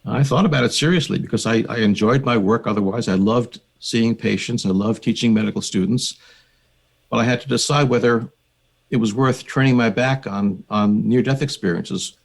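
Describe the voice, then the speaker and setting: Older American male psychiatrist guest, low and gravelly, measured and reflective. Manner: measured, reflective storytelling with occasional fillers. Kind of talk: conversational podcast interview.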